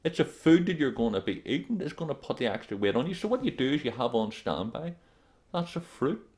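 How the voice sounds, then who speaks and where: A man's voice: mid-range voice, big pitch swings, a little fast, darkish tone. A man presenting a self-help video, talking bluntly and emphatically straight to his viewers, repeating his main points and calling them "guys". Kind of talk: direct-to-camera motivational advice.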